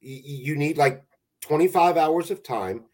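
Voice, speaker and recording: A man's voice: a little high, expressive, moderate pace, a little mellow. A man chatting on a podcast who makes joking comparisons and stumbles over his words. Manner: jokey, stumbling quips. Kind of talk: casual chat.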